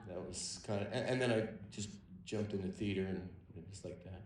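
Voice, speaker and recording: Deep-voiced man, halting, echoey hall. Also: darkish tone, slight background noise. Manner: halting, hesitant, many restarts. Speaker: panel guest actor. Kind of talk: casual panel anecdote. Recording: echoey hall, distant mic.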